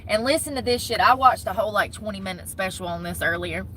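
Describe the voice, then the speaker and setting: A young woman, chatting casually to camera as a vlogger, gossipy and animated. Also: medium pitch, fast talker, a little hiss or hum, poor audio. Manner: chatty, gossipy, talks with her hands in words like "y'all" and "homegirl".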